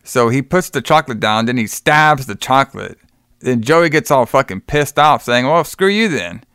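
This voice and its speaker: A man's voice: mid-range voice, normal speed, a bit bright, smooth, dry recording, clean studio sound. A man co-hosting a podcast, retelling a movie in a rambling, casual way with plenty of swearing. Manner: rambling, swearing, acts out quotes with laughs. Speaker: podcast co-host. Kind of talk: casual movie review chat.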